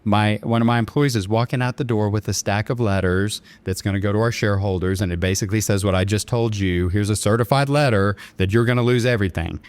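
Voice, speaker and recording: A man's voice: fairly low pitch, fast talker, hardly any pauses, dry recording. A man, a podcast guest earnestly retelling a dramatic personal story with quoted dialogue. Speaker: bank chairman and podcast guest. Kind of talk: storytelling in an interview.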